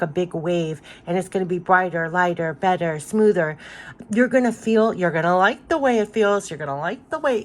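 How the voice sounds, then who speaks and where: A woman doing a casual spiritual card reading, chatty and repetitive with many fillers, her voice congested from allergies. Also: lowish voice.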